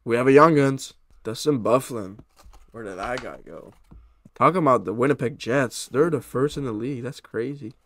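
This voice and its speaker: This young YouTuber cracks open trading card packs while chatting with viewers at a moderate pace. His voice sits at medium pitch, and his commentary is casual, excited and full of chatter.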